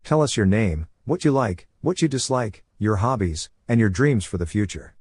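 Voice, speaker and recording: A man reading the lines of a laid-back, teasing adult male ninja teacher in an easygoing, unhurried way. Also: fairly low pitch, animated, darkish tone, husky, no room sound, studio quality.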